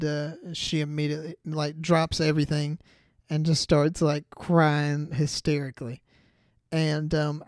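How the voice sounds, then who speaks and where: A man's voice: a little high, darkish tone, no room sound, clean studio sound. A young man and podcast host telling a rambling, casual story, full of fillers and restarts, acting out his own reactions.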